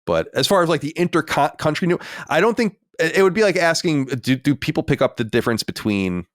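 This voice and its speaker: A man's voice: fairly high pitch, lively intonation, a little fast, no room sound, clean studio sound. An American man co-hosting a podcast, reading listener mail and musing in casual chat with lots of fillers. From United States. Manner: reads listener mail, then muses with many fillers. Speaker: podcast co-host.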